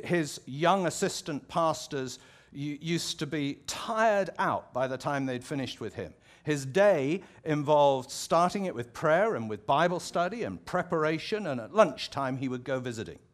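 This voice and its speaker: A man with an English accent, a pastor preaching a sermon in a conversational, reflective way, often restarting his phrases and adding asides. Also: mid-range voice. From England.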